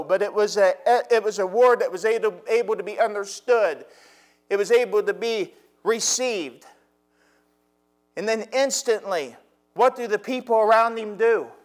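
A man preaching a sermon from the pulpit, his voice sitting high for a man. He draws out key phrases and lets his intensity swell as he presses his points. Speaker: pastor.

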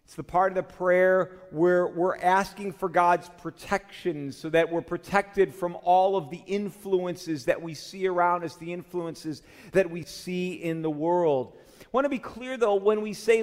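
A man preaching a sermon as pastor, earnest and steady, often slipping into spoken prayer addressed to the Lord. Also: high-pitched. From Chicago area, USA. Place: church sanctuary during a communion service. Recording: long hall reverb.

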